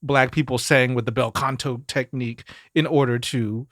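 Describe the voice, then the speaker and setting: A man from Mississippi talking casually as a podcast guest, mid-pitched and lively, slipping into quoted voices as he tells stories. The sound is dry and close, with no room around him. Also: normal speed, no echo. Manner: animated storyteller, acts out quoted voices. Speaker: guest singer.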